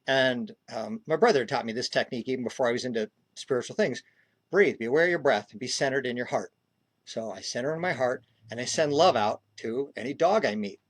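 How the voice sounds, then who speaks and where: A man who is a guest on a podcast, telling a personal story in a calm, earnest way. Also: medium pitch, no room sound. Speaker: podcast guest, spiritual speaker.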